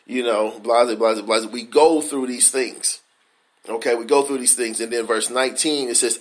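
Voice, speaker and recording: A male pastor preaches in a mid-range voice, in an informal, conversational way. He circles back over the same phrases, asks rhetorical questions and stretches words out slowly to stress them. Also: medium pitch. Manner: slows down for emphasis, acts out quoted inner voices. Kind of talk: devotional sermon.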